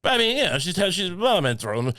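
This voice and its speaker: Male co-host, rambling jokey delivery, animated pitch, slightly high voice. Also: fast, no echo, clean studio sound. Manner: rambling, joking, laughs through lines. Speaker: podcast co-host. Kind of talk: casual chat.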